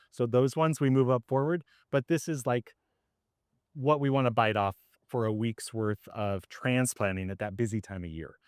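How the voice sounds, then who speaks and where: A man walking a group around his farm outdoors and explaining his methods in a loose, conversational way full of "like" and "um." His voice is a little hoarse, yet it comes through smooth and close. There is no room echo. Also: mid-range voice. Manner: casual and conversational, with many fillers. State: slightly hoarse. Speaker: farmer leading a farm tour.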